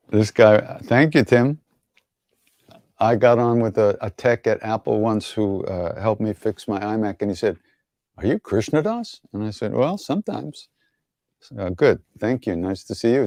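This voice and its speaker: A man's voice: lowish voice, normal speed, a little mellow, dry recording, clean studio sound. A man hosting an online gathering, answering viewer questions in an easygoing, wry way, telling stories with many fillers and chuckles. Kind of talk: casual online Q&A storytelling.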